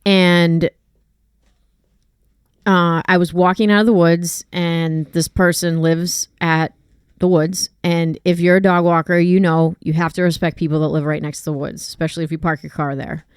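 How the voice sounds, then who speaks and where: A woman hosting a relaxed podcast, explaining dog behavior with everyday examples. Her voice sits on the low side and sounds smooth, on a dry, close recording. She talks in a chatty way, with frequent "like" fillers. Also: moderate pace, no echo. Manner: conversational, explains with hypotheticals, many fillers like "like". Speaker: dog walker and trainer, podcast host. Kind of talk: casual chat.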